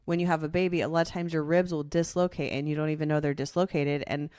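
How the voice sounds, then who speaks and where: A young woman co-hosting a casual chat, explaining things in a chatty way and laughing quickly. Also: sits low, fairly even intonation, warm tone, clear, resonant tone, no echo, studio quality. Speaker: podcast co-host.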